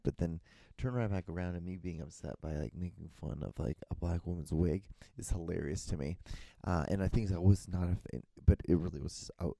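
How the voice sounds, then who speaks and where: A young man rambles through a casual solo podcast, swearing freely and acting out what others said. His voice is low, dark and gravelly. It sounds close and dry, with no room echo. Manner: rambling, swears a lot, acts out quotes. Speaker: podcast host.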